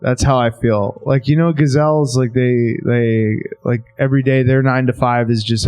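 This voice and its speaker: A man's voice: mid-range voice, steady tone, normal speed, few pauses, a little mellow, clean tone. A man doing a stand-up set in a basement venue, laid-back and rambling with lots of fillers. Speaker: stand-up comic.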